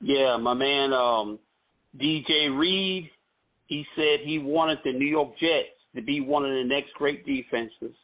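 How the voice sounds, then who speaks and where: A man's voice: medium pitch, takes it slowly. A man calling in to a sports talk show, confident and friendly, full of slang and laughs. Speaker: caller. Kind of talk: casual sports call-in. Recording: phone-like line.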